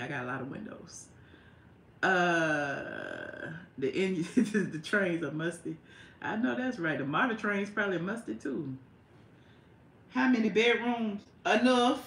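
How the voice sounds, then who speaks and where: A woman's voice: lowish voice, sing-song, a little slow, creaky, long pauses, a bit bright, echoey room, slight background noise. A woman hosting a casual livestream from her home, chatting with viewers and calling them child and honey. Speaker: YouTube host.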